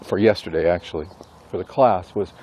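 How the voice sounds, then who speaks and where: A man who writes books and teaches a class, talking casually and thinking aloud with pauses and self-corrections. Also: low voice, darkish tone, slight background noise. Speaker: author and instructor. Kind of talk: casual rambling monologue.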